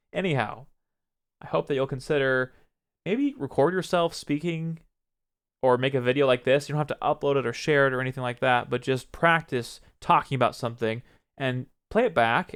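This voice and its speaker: A young man with a smooth, clear voice talks straight to his viewers in a relaxed advice vlog. He pauses often to find his next words. He admits to his own speech habits in a frank way. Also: mid-range voice. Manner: reflective, pauses often while choosing words; self-critical about his own speech. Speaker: streamer and video creator. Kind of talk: casual advice talk to camera.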